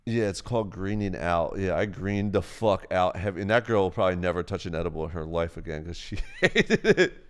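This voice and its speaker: A man's voice: low-pitched, animated, fairly quick, smooth. A young man on a live stream, casually telling a rambling, profane story. He often acts out what people said in a raised voice.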